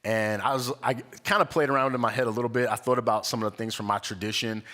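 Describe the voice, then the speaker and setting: Young guy preaching, chatty and animated, does the voices in his stories, laughs a lot, middle-pitched voice. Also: quick pace. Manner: animated storyteller, acts out quoted voices, laughs often. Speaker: guest speaker at a spiritual center. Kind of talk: conversational sermon. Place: church sanctuary.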